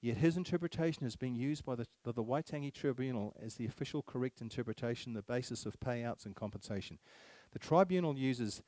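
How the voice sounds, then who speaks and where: A man's voice: mid-range voice, animated, brisk, hardly any pauses, darkish tone, no echo. A man giving a public speech to a live audience, emphatic, repeating key phrases and firing rhetorical questions at the crowd. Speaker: speaker at a public meeting.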